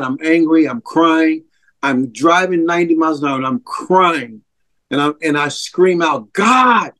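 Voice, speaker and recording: A man telling his personal testimony as an interview guest, earnest and heartfelt. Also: a little high. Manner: earnest storyteller, slow and heartfelt. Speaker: interview guest, ministry co-founder.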